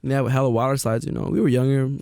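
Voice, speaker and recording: A young man with a gravelly, creaky voice who tells stories on a podcast, loose and profane, acting out everyone's lines. His pitch sits in the middle range. The sound is dry and close. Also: rapid-fire, dry recording. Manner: animated, profane storyteller acting out quotes. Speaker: podcast co-host. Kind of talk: casual storytelling chat.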